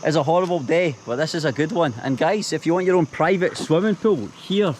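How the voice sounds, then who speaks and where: A man's voice: a little high, a little fast, a little hiss or hum. A young man vlogging casually outdoors by a jungle river pool. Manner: exclaims loudly at the cold water. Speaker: travel vlogger. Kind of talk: casual outdoor vlog chat.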